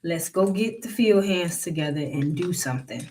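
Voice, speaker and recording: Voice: medium pitch, normal speed, a little mellow, slight background noise, lightly acted. A narrator voicing a fretful old male landowner who asks alarmed questions in a raised voice. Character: anxious old male plantation master, growing panicked.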